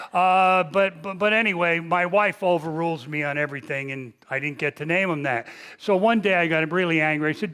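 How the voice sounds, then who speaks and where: A man's voice: on the high side, brisk, few pauses, fairly bright tone. Joking seventy-something man lecturing. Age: 70s. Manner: self-deprecating, rambling, joking. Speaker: history lecturer. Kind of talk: public lecture with jokes. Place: large library hall before a big audience. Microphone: stationary mic at a lectern.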